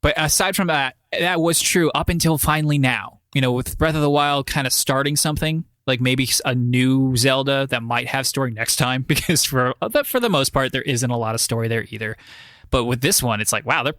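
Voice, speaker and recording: A man's voice: medium pitch, fairly quick, fairly bright tone, no echo, clean studio sound. A man co-hosting a gaming podcast in casual chat, joking and teasing his co-host.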